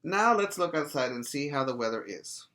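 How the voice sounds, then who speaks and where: A man's voice: a little high, lively intonation, moderate pace, pushed and bright. A man teaching preschoolers in a virtual lesson, coaxing them along in a sing-song call-and-response way.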